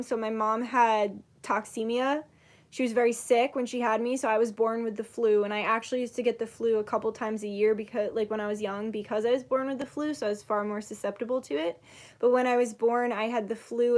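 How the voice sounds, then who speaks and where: High-voiced swearing young woman storyteller. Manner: animated, swears freely, acts out quotes. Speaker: channel host, psychic reader. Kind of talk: casual storytelling chat.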